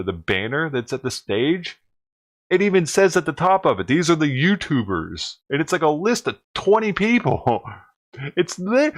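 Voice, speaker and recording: A man doing a sarcastic, profane rant as a livestreamer, mocking and riled up. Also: medium pitch. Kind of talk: ranting livestream commentary.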